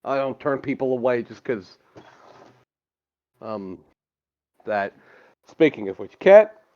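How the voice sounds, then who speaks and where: Blunt, exasperated man in tabletop role-play; lively pitch, muffled lo-fi sound. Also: takes it slowly. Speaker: player. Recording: dull lo-fi stream audio.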